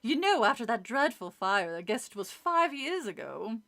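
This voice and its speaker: A woman's voice: a little high, sing-song, normal speed, bright, forceful tone, heavily acted. A woman reading aloud as a gossiping middle-aged neighbor, in an affected, snobby voice. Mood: gossipy.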